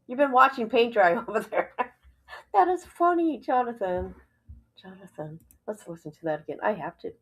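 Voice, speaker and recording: Exclaiming woman streamer, slightly high. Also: expressive, moderate pace, rough recording. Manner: exclaiming, laughing in disbelief. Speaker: livestream host. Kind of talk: casual reaction commentary.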